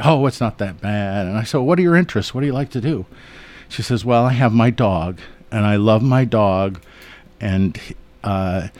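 A man's voice: on the low side, darkish tone. A man, an eye surgeon guest in a radio studio, telling funny patient stories in a folksy, chuckling way. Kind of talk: relaxed anecdotal storytelling.

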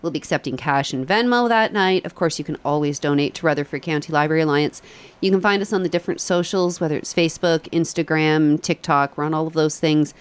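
A woman's voice: deep voice, fast, smooth. A woman guest on a radio show, upbeat and promotional, listing the details of a fundraiser. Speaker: guest from a library group. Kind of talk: announcing an event on radio.

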